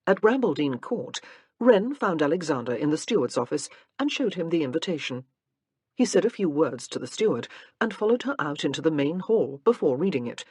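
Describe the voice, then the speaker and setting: A woman reading a historical romance audiobook in measured storytelling narration. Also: low voice, big pitch swings, a little mellow, slightly rough, no echo, studio quality. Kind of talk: scripted narration.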